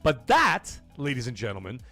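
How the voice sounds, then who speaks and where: A man hosts a gaming news live stream and talks straight to his viewers in a loose, swearing, animated way. His mid-range voice jumps up and down in pitch. Faint music runs underneath. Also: normal speed. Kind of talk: casual live-stream commentary.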